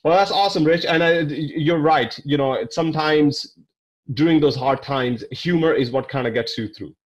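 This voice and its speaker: A man's voice: fairly high pitch, normal speed. A man hosting a podcast interview, chatting casually and enthusiastically summing up his guest's points. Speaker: podcast host.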